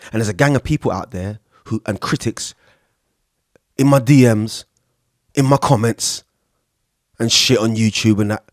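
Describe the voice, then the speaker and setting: A man's voice: medium pitch, dry recording, studio quality. A man hosting a solo podcast, talking in an impassioned, profane way and jumping between topics. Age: adult with an older son. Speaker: podcast host.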